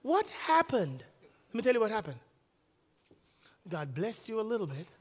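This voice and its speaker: A man preaching a sermon as pastor, animated, repeating lines for emphasis. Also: high-pitched, moderate pace, slightly rough, in a large hall. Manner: animated, acts out quoted dialogue, repeats phrases for emphasis.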